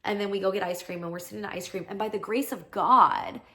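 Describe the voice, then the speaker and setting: A woman in her thirties hosts her own podcast and tells a personal story in a loose, conversational monologue. She speaks in a middle pitch, strings her thoughts together with frequent "like" fillers, and slips into quoted lines as she goes. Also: steady tone, fast, fairly bright tone. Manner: chatty, peppered with "like", acts out quoted lines. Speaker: podcast host.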